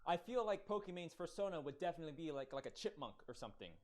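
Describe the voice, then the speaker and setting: A man giving playful commentary, musing aloud in an animated way. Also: fairly high pitch, racing. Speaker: video commentator.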